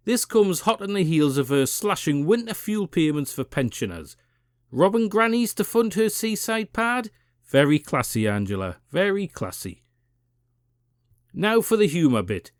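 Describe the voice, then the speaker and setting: A man's voice: fairly high pitch, no room sound, clean studio sound. A man with a Geordie accent hosting a political rant channel, swearing freely and mocking his targets with biting sarcasm. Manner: profane, sarcastic, combative. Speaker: political commentary channel host.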